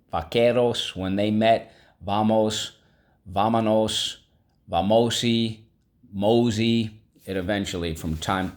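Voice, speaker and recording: A man teaching a vocabulary lesson, upbeat and coaxing, repeating each word for students to echo. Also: sits low.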